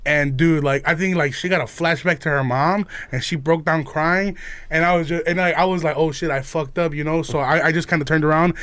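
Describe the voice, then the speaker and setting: A man's voice: on the high side, steady tone, a little fast, fairly bright tone, no room sound. A man guesting on a casual podcast, telling his story in a profane way with frequent laughter. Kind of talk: casual chat.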